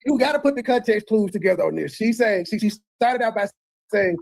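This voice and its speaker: A man's voice: sits high, animated, brisk, vocal fry, a little mellow, dry recording. A man hosting a casual reaction commentary, talking in looping, stammering restarts. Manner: repetitive stammering restarts, conversational. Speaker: commentary host reacting to a replayed clip.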